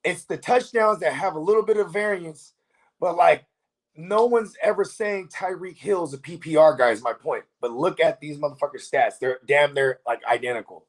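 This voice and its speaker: Man, fantasy football co-host, high voice, casual and profane, rambling. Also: moderate pace. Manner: loose, profane, keeps asking "you know what I mean". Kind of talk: casual live-stream sports chat.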